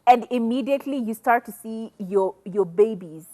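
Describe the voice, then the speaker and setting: A young woman, co-hosting a casual talk show and telling animated stories with frequent laughter. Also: a little high, normal speed. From Kenya. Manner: animated storytelling, laughs often. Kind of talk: casual chat.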